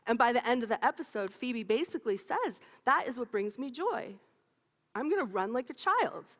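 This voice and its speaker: A woman's voice: high voice, very animated, moderate pace, a bit bright. A woman in her fifties giving a playful sermon, laughing often and chatting with the congregation. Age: 50s. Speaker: minister. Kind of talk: lively sermon. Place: church sanctuary. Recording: long hall reverb.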